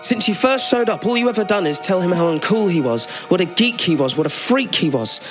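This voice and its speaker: A man's voice: animated, a little fast, over music. A man doing posh Sarah Jane. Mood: furious. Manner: raised pitch, posh, soft then angry. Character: posh protective middle-aged woman, Sarah Jane. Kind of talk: reading a script aloud.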